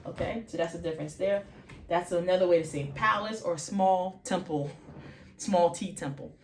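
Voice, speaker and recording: A woman teaching vocabulary in an informal lesson, slowly sounding out letters and repeating each word many times, often correcting herself. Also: fairly low pitch, echoey room, a little hiss or hum. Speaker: faith channel host teaching vocabulary.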